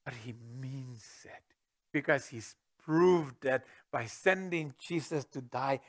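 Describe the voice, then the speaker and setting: A middle-aged man preaching a sermon as pastor, swinging from booming to hushed with chuckling asides. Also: slow.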